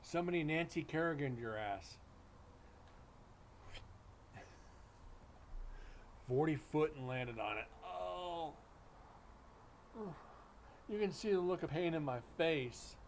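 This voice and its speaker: A man's voice: fairly high pitch, lively intonation, slow pace, pauses often, slight background noise. A man hosting a livestream, telling stories in a loose, blunt, joking way. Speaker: livestream host. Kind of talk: casual storytelling chat. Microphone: streaming setup mic.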